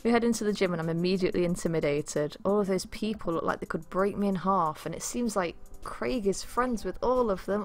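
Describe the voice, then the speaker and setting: A woman streamer playing a dating game, reading the story aloud and reacting with quick laughs and chatty asides. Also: on the low side. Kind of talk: let's play commentary with read-aloud game text.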